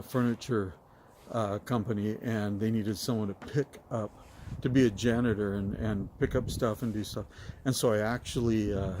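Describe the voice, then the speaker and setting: A man's voice: fairly low pitch, noisy background. A middle-aged man telling his own story in a casual, rambling way with many fillers and restarts.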